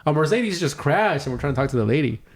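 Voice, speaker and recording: A man's voice: on the high side, expressive, fast talker. A young man co-hosting a podcast, telling a long story in a casual chat, swearing often and acting out the voices of the people in it. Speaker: podcast co-host.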